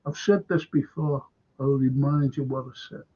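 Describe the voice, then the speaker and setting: A man's voice: medium pitch, steady tone, normal speed, slightly rough. A man hosting a fan football show, ranting heatedly and swearing constantly as he repeats himself. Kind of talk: angry ranting talk-show monologue. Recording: dull lo-fi sound.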